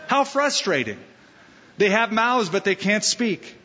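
Animated preacher man in a reverberant hall. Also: high-pitched, normal speed, slight background noise. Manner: animated, mocking asides and acted quotes. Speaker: pastor. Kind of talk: sermon. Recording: long-reverb hall, dull lo-fi sound.

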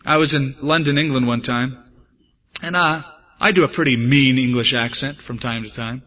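A man's voice: medium pitch, steady tone, normal speed, bright, forceful tone. A man from the United States, a pastor preaching a sermon with earnest conviction and humorous personal stories. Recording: dull, echoey church hall recording.

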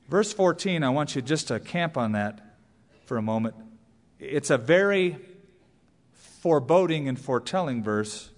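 A man preaching a sermon as a pastor, emphatic and rising to high cries on key words. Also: sing-song, moderate pace. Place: church sanctuary. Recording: long reverb of a large hall.

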